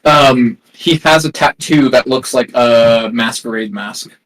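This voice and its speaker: A man's voice: mid-range voice, a little slow, a bit bright, slight background noise, low-quality recording. Rambling male game master. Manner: rambling, filler-heavy description. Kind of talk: describing a character in a tabletop game.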